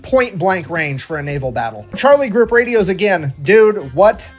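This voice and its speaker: A man with a high voice tells a war story as comedy, casual and profane, slipping into voiced quotes. Faint music runs underneath. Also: sing-song, moderate pace, a bit bright. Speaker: history video narrator. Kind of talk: comedic history narration.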